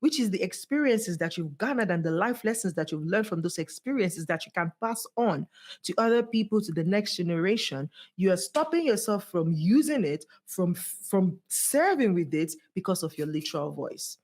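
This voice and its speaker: A woman speaks as a guest on a podcast, coaching listeners on their voices. Her voice sits fairly low, yet she is animated and emphatic, swooping up high whenever she stresses a point. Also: moderate pace. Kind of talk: motivational podcast conversation.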